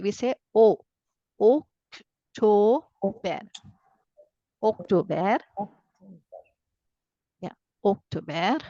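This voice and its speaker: A woman with an Indian English accent teaches a German lesson at an unhurried pace, saying each word again and again. Her voice sits at a middle pitch. The recording is dry and somewhat dull and lo-fi. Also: no echo. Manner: patient, repeats each word slowly. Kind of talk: slow online language lesson.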